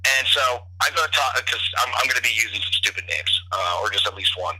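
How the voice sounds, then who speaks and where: A young bartender, appearing as a podcast guest over the phone, tells stories in a casual, profane ramble full of restarts. His voice is lowish, fast, pushed and bright, a bit rough, and the telephone line makes it sound tinny.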